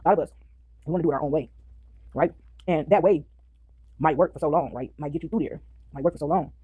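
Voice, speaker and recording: A woman's voice: low voice, fast talker, breathy edge, dry recording, narrow, tinny audio. A woman vlogging casually while eating, chatting with her viewers and breaking into bits of song. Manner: chatty, addresses viewers as y'all, sings snippets. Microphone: phone.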